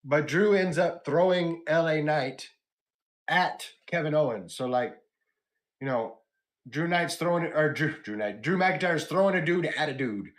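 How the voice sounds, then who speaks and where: A man hosting a casual wrestling podcast, animatedly retelling match highlights and chatting with his co-hosts. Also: unhurried. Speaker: podcast host. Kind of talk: casual wrestling recap chat.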